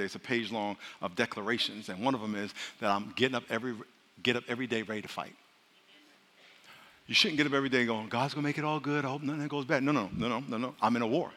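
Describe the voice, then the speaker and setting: A man's voice: mid-range voice, pushed and bright, slight background noise. A man preaching a sermon as pastor, joking with the congregation and leading call-and-response declarations. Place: large church hall. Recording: long church-hall reverb.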